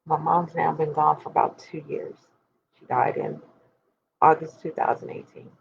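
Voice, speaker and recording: A woman's voice: sits low, steady tone, normal speed, gravelly, lo-fi sound, noisy background. A woman of forty talking candidly and emphatically to her viewers, speaking straight to them like a preacher. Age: 40s. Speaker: host. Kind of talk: candid personal talk to viewers.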